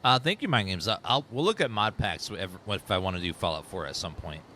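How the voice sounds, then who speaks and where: Casting: lowish, lively-voiced male streamer, rambling and chatty, loud game sound under him. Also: fairly quick, background noise. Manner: rambling, chatty, talks to chat. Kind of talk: casual let's play commentary.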